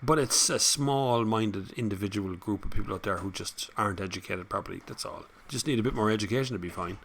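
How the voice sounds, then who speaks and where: A man's voice: lowish voice, a little fast, gravelly, a bit bright, slight background noise. An Irish man hosting a casual live chat, reading out viewer comments and rambling on between them with frequent laughs. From Ireland. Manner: chatty, rambling, laughs often.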